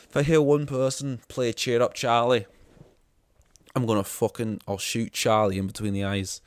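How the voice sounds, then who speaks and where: A man's voice: medium pitch, flat delivery, moderate pace, no echo, studio quality. A young man hosting a solo podcast, rambling in a sarcastic, sweary way. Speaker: podcast host. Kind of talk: casual solo podcast monologue.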